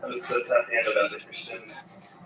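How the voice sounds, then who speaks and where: A man's voice: mid-range voice, level tone, a little fast, very noisy. A man, a student, asking a hesitant question in class. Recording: echoey, distant, crowd behind.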